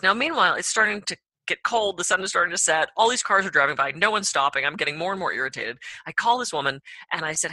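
A woman guest on a podcast, telling a personal anecdote in an animated way, acting out her own reactions with big jumps in pitch. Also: fast, dry recording. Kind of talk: storytelling anecdote.

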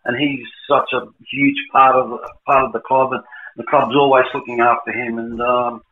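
An older man with an Australian accent, a guest in a casual chat, talking in a halting way and repeating words. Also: medium pitch, level tone. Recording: tinny phone line with roomy echo.

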